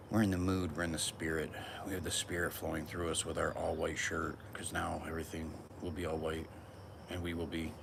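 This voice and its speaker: Young man, very low voice, loose swearing livestream host, noisy background. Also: gravelly. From United States. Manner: rambling, rhyming, swears often, playful. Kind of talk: casual livestream chat. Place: Michigan, summer heat.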